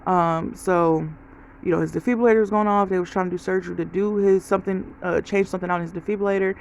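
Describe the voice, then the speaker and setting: A woman's voice: lowish voice, steady tone, quick pace, vocal fry, darkish tone, lo-fi sound, slight background noise. A woman vlogger giving a casual life update, telling stories straight to her viewers. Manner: chatty storytelling, talks straight to viewers.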